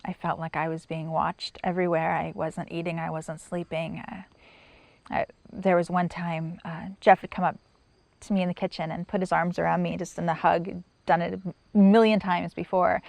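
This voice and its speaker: A middle-aged woman giving personal testimony in an interview, soft-spoken and halting, with many pauses and restarts, sometimes near a whisper. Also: on the low side, flat delivery, gravelly, no echo. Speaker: sign language interpreter.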